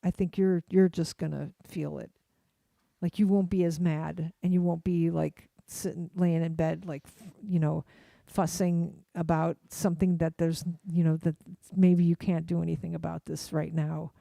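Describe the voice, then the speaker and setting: A woman in her fifties co-hosting a casual political chat, talking in halting, restarting phrases and swearing when heated. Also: on the low side, little pitch movement, vocal fry, dark tone, no room sound. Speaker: podcast co-host.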